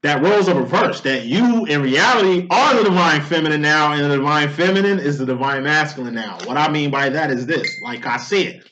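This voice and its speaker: This tarot reader talks briskly with few pauses in a fairly high voice that sounds pushed and bright. He's blunt and profane during the casual card reading, mocking the listener and voicing quoted lines loudly, all on a dull lo-fi recording.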